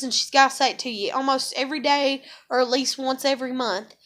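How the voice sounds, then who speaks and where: In a profane venting monologue aimed at the camera, a woman vlogger repeats herself and swears heavily in anger. Her high-pitched, bright voice holds a steady, forceful tone, moving fairly quickly with few pauses.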